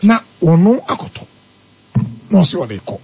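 A man's voice: sits high, huge pitch swings, slow, a little mellow, breathy edge, rough recording. A man with a Ghanaian accent, explaining step by step as a talk-radio commentator and mixing English terms into his speech. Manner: mixes local language with English, explaining step by step.

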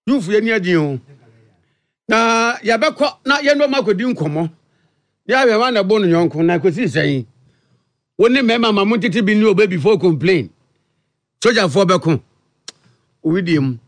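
High-voiced Ghanaian newsman. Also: no echo. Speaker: radio news anchor. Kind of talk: news reading.

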